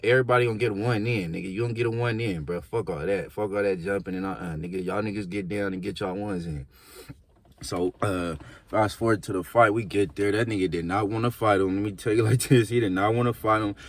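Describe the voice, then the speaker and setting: Young man, casual storytime, slangy and animated, dry close sound. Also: medium pitch, no echo.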